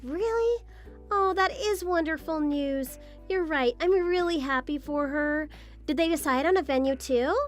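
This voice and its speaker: A woman's voice: high-pitched, normal speed, faint music behind, lightly acted. A woman playing a meek young daughter-in-law. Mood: glad. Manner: apologetic, polite. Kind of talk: scripted text-story drama.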